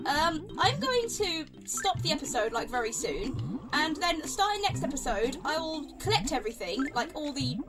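A woman giving casual commentary on a video game she plays, rambling and excitable, often exclaiming and repeating herself. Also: high voice, moderate pace, over music. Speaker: let's play gamer.

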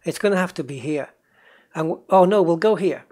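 A man's voice: fairly high pitch, a little fast, darkish tone. A man from northeast England, with a faint accent from there, chatting casually as he plays a truck game and answers viewers. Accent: faint northeast English. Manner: chatty, talks to himself and chat while driving. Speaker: gaming channel host. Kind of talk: casual gameplay commentary.

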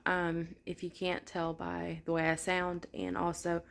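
Sick woman with a low, scratchy voice. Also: completely flat delivery, a little slow, vocal fry, a bit bright. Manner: rambling, many fillers. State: sore throat, talking low. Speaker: vlogger. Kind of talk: casual vlog chat.

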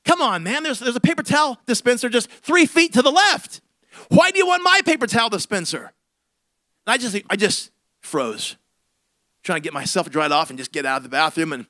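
A middle-aged man, a senior pastor, telling a comic story in a sermon with big swings between loud and hushed. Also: high voice, expressive, brisk, dry recording.

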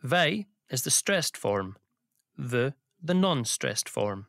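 A man teaching a language lesson in scripted narration, giving careful, slow pronunciation examples. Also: mid-range voice, big pitch swings, gravelly, a bit bright, dry recording, clean studio sound.

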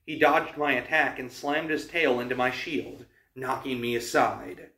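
A man's voice: mid-range voice, a little slow. Man reading a novel aloud, roomy echo. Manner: steady narration with small stumbles. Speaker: channel host reading a novel. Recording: roomy, distant mic.

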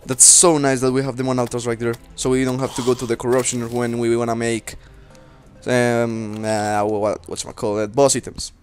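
Brisk and level in tone, this young male let's play host has a mid-range, somewhat dark voice. He offers loose, rambling commentary during gameplay, talking to himself and swearing at enemies while faint game music runs underneath.

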